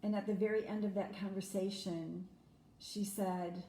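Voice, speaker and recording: A woman's voice: medium pitch, flat delivery, normal speed, dark tone. A woman speaking earnestly to camera about her own life, heartfelt, with many "you know"s. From Germany. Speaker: vlogger. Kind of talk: personal reflective talk to camera. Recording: echoey room with faint noise.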